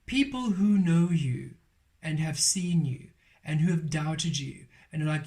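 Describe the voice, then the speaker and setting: Tarot reader, male, fairly high voice, unhurried emphatic delivery, repeats affirmations. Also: a little mellow. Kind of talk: spiritual card reading.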